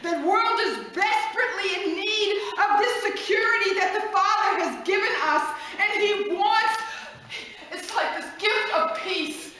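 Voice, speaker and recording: A woman preaching a passionate sermon, rising at times to shouts and breaking into laughs. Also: very high voice, unhurried, heavy reverb, a little hiss or hum, rough recording.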